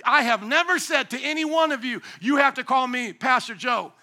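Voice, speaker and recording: A man in his forties preaching a sermon as pastor, animated and bursting into loud emphasis. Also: very high-pitched, moderate pace. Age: 40s.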